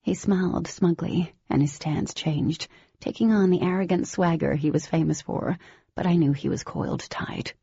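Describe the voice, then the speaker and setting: A woman giving scripted first-person audiobook narration in a steady, even storytelling manner. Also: lowish voice, normal speed, creaky, husky, dry recording, dull audio.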